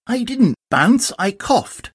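Casting: man voicing a bouncy young tiger, cheerful but defensive, noticeably higher voice, dry sound. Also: big pitch swings, unhurried, fairly bright tone, slightly rough, no room sound, full character voice. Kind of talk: storybook reading.

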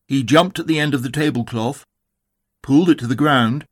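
A man narrating a children's storybook in a calm, measured, expressive way. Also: mid-range voice. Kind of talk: storybook reading.

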